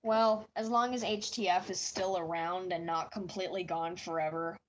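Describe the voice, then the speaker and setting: A woman's voice: on the low side, fairly even intonation, normal speed, a little hiss or hum. A woman with a stuffy nose, chatting casually with live viewers while she draws, giggly and poking fun at herself. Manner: giggly and self-mocking. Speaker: artist streaming while drawing.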